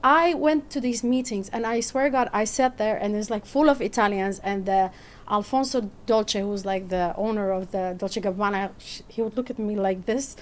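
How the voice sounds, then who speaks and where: A woman guest in a podcast interview, telling stories from her career in a lively, casual way and acting out the people she quotes. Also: mid-range voice, normal speed. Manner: animated, acts out quoted voices.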